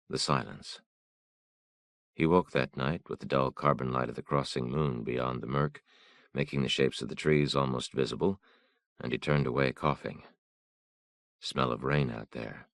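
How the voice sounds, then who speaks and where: A man narrating an audiobook in a measured, somber manner. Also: extremely low pitch, creaky, no echo, clean studio sound.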